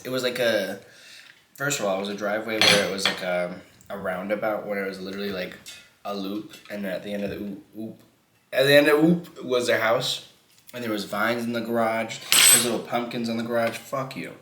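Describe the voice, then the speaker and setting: A man's voice: fairly low pitch, fairly quick, pushed and bright, echoey room. A man in his twenties chatting casually while eating noodles for a mukbang, rambling and joking with some swearing. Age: 20s. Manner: rambling, playful, swears freely. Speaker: mukbang vlogger.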